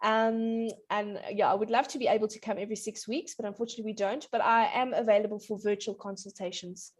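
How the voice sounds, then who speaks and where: A woman's voice: medium pitch, steady tone, fast, slightly rough. A woman in her thirties, a parenting coach chatting as a guest, with frequent fillers and easy laughter. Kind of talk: casual explanatory chat.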